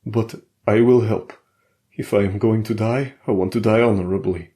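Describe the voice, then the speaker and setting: A man's voice: lowish voice, fairly even intonation, moderate pace, dark tone, close to an everyday voice. A man voicing a frightened young Russian man in an audiobook thriller, pleading with a shaky voice. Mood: resolved. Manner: pleading, voice quivering with fear.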